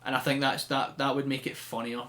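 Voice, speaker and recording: A man hosting a podcast, telling things in a chatty, animated way with frequent laughs. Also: medium pitch, brisk. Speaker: podcast host. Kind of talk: casual chat.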